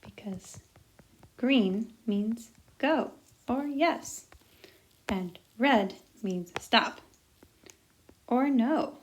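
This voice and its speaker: A woman's voice: fairly high pitch, extremely slow, pauses often. A young woman teaching a recorded language lesson, chatty and jokey, muttering asides to herself as she writes. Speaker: Spanish teacher.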